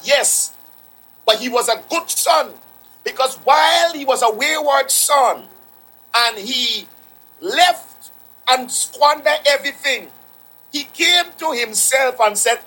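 A man's voice: very high-pitched, pushed and bright, slightly rough, poor audio. A man preaching a sermon, repeating phrases for emphasis and quoting scripture.

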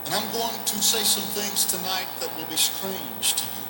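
A man preaching a revival sermon, impassioned, swinging from shouted declarations to hushed, intimate passages. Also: high voice, expressive, normal speed, reverberant, heavy background noise. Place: large church or auditorium.

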